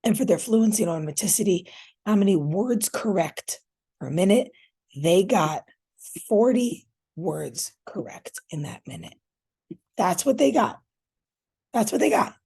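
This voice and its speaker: Here a woman teacher casually guides viewers, whom she calls "you guys," through scoring a reading fluency test, thinking out loud while working on screen. Her mid-range voice is creaky and dark with a breathy edge. She's expressive but a little slow, with long pauses.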